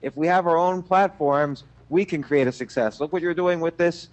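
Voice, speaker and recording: A man's voice: on the high side, moderate pace, poor audio. Emphatic man making bold predictions. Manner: emphatic, sweeping pronouncements. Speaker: panel guest. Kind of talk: casual roundtable chat.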